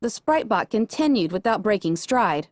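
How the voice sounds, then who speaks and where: A woman reading a first-person fan fiction story aloud with expressive narration. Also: medium pitch, moderate pace, no echo, clean studio sound. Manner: expressive, animated. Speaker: audiobook reader.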